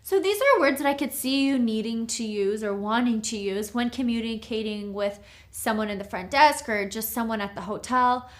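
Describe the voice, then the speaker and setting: A woman teaching a recorded language lesson, drilling words slowly and checking in with "okay?". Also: on the high side. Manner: slow, clear drilling of words with frequent "okay?". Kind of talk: recorded lecture.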